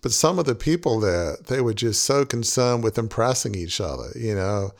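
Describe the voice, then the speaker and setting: A man's voice: mid-range voice, expressive, moderate pace. A man in his sixties hosting a podcast, talking in an earnest, rambling way with many "you knows". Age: 60s. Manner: earnest, rambling, heavy use of "you know". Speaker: podcast host. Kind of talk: reflective podcast conversation.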